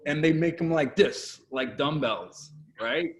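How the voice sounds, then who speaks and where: In an unhurried, slightly high voice, a Canadian man appearing as a guest photographer talks animatedly in a casual video interview. He stays energetic and acts out the quotes he shares.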